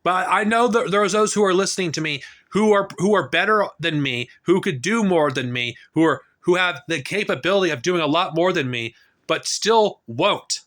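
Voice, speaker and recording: Recorded on a camera mic, this political vlogger in his thirties goes on an angry, profane political rant, speaking heatedly and frequently restarting sentences. His voice sits high and sounds a bit bright, at normal speed.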